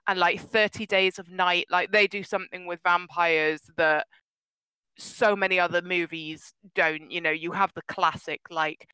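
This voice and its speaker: A woman chatting casually as a podcast co-host, animated and laughing often, her voice jumping up when she gets excited. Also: on the low side, measured pace, clear, resonant tone, no echo, rough recording. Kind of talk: casual chat.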